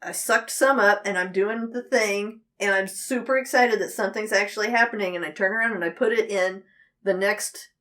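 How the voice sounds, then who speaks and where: A woman in her late thirties co-hosting a casual podcast chat, an animated storyteller who acts out the people she quotes. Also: medium pitch, normal speed. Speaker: podcast co-host.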